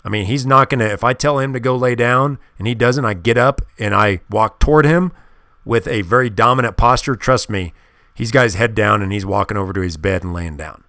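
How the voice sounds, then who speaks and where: A man's voice: lowish voice, brisk, bright, forceful tone, no echo, clean studio sound. Emphatic man giving dog-training advice. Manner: emphatic, insistent. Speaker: podcast host. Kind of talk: casual monologue.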